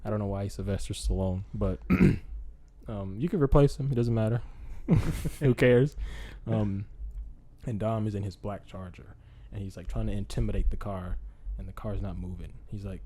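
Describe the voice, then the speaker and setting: A man's voice: on the low side, normal speed, mellow. A young man hosting a podcast, telling a movie idea in a rambling, casual way with lots of fillers and acted-out lines. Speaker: podcast host. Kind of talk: casual chat.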